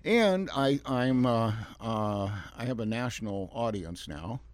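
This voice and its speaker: A man's voice: mid-range voice, lively intonation, slow pace. A man hosting a local radio garden show, chatting in a folksy, rambling way with chuckles and restarts. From Oregon. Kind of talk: casual radio talk show chat.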